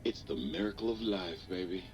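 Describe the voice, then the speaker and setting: An actor voicing a lewd, smooth-talking male plant research machine in a game, crooning innuendo and calling the listener baby. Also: low-pitched, brisk, a little mellow, muffled recording, slight background noise. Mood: sleazy.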